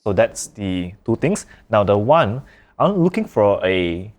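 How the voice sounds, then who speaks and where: Low-voiced man prompting questions. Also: big pitch swings, measured pace, darkish tone, lo-fi sound. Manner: prompting questions, brief agreements. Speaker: podcast co-host. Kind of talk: casual podcast chat.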